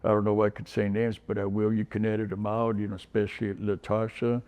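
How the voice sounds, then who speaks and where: This San Diego man in his sixties lives in a recovery program and talks fast during an interview testimonial. His lowish voice is level and darkish, and his rambling speech is full of fillers and restarts.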